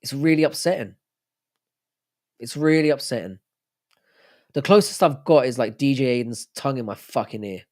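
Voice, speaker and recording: A man's voice: mid-range voice, animated, moderate pace, long pauses, darkish tone. A man hosting a livestream, rambling, swearing and joking with his chat. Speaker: livestream host.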